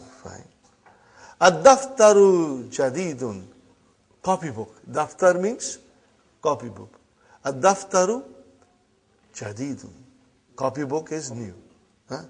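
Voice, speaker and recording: A man teaching an online Arabic class. He reads each Arabic phrase slowly, explains it quickly in English, keeps saying "huh?" and calls his students brothers and sisters. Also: medium pitch, darkish tone, husky.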